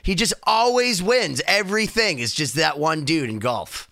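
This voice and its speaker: A man with a high, bright voice cohosts a casual podcast, cracking deadpan jokes between the guest's answers. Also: moderate pace, creaky. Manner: jokey, deadpan asides. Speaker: podcast host.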